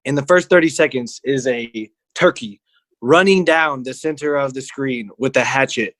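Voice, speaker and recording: A man's voice: medium pitch, moderate pace, a bit bright, no echo. Joking man with a dry close sound. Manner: joking, teasing interjections. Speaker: podcast co-host. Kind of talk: casual chat.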